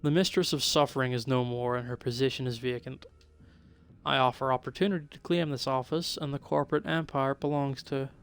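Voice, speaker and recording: A man's voice: medium pitch, steady tone, brisk, smooth, natural voice. A man voicing a scheming female demon boss with an Eastern European accent, speaking cool, broken, formal English. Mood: cool, businesslike. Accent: Eastern European, put on.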